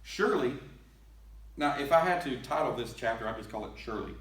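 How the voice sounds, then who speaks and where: A man's voice: mid-range voice, fast, fairly bright tone, reverberant, recorded from a distance, slight background noise, low-quality recording. A male pastor giving a conversational sermon, reading scripture aloud and asking the congregation questions. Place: church sanctuary.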